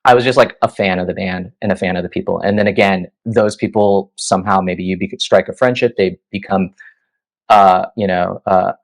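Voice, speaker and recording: A man's voice: low-pitched, normal speed, creaky, poor audio. A man in his thirties, a guest musician telling stories casually, full of fillers like "you know" and "like". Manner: animated anecdotes, many fillers like "you know" and "like". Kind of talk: casual interview storytelling.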